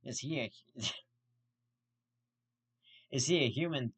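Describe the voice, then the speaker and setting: A man's voice: medium pitch, slow pace, a bit bright, breathy edge. A man hosting his own show, giving profane ranting commentary in a blunt, repetitive way. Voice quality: blunt, profane and repetitive, circling back to the same insult. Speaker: show host.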